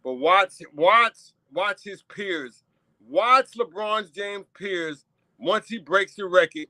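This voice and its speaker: A man's voice: high-pitched, takes it slowly, bright, forceful tone, no room sound, low-quality recording. A man hosting his own talk show, riffing emphatically and repeating himself as he speaks straight to his viewers. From New York. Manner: emphatic, repetitive, addresses viewers directly. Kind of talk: casual solo commentary.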